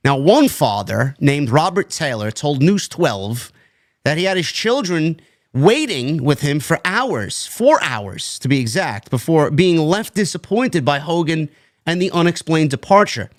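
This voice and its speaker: A man on a wrestling talk show reads a news report aloud at a measured pace, adding dry chuckling asides. His voice sits a little high for a man. The recording is close and dry. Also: big pitch swings, no echo. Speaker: podcast co-host.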